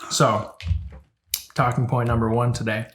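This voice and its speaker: A man's voice: mid-range voice, level tone, unhurried, a bit bright, slight background noise. A young man co-hosting a podcast, telling stories in a laid-back, casual way, with lots of swearing and acted-out quotes. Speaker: podcast co-host. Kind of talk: casual chat. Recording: roomy echo.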